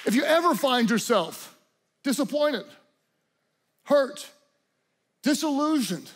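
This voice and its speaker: A middle-aged man delivers a sermon as pastor in a notably high voice. He speaks slowly and deliberately, swinging between hushed stretches and fervent, shouted appeals. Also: expressive, a faint crowd. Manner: impassioned preaching, shifts from quiet to shouting.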